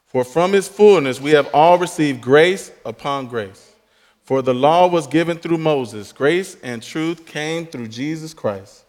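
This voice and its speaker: Guy preaching a sermon, kinda high voice, big echoey church hall, gets loud then goes real quiet. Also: unhurried. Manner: emphatic preaching, dropping to soft asides. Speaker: pastor.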